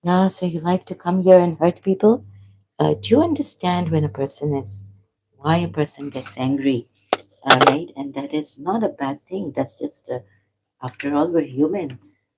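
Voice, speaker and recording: A tired woman from Pakistan talking alone on a livestream at home, halting and apologetic, often trailing off and restarting. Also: low voice, a little mellow, slight background noise, poor audio. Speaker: livestream host. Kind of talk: rambling livestream monologue. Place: at home, making tea.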